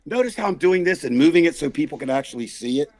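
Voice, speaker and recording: A man hosting a comedic political chat show, loudly mocking and exasperated as he rants. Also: fairly high pitch, expressive, quick pace, no echo. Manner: loud, mocking, exasperated ranting. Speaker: podcast host.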